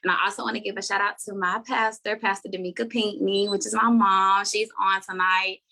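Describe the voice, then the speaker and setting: A cheerful young woman co-hosting a talk show, with a bright, ringing voice. She sounds eager and lively. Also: medium pitch, brisk, gravelly. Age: 20s. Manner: cheerful and excited. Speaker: co-host.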